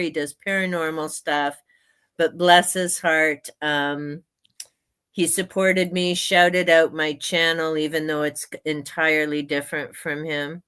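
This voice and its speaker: Slow-talking woman chatting on a stream. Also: low-pitched, fairly bright tone, smooth. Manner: chatty, laughs often, wanders into rants. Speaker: streamer and author hosting a reading sprint. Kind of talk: casual livestream chat.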